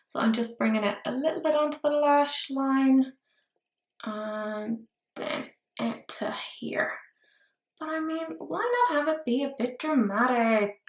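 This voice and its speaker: An Irish woman with a fairly high voice chats through a makeup tutorial as a vlogger, rambling and poking fun at herself. The room she's in sounds echoey.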